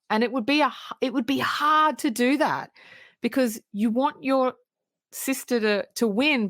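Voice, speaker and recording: A woman's voice: a little high, no room sound. Laughing woman retelling a film. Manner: animated retelling, laughing, acting out quotes. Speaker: podcast co-host. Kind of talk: casual film recap chat.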